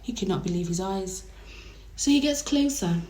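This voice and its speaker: A young woman telling a dramatic storytime vlog in a chatty, animated way. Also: medium pitch, normal speed, slight background noise. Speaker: vlogger. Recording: roomy echo.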